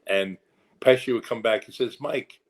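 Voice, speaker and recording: A man with a lowish voice tells stories from his acting career in a candid interview. He rambles through restarts and asides, then jumps into quoted voices with lively energy. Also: normal speed. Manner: animated storyteller who slips into quoted voices. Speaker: actor and guest.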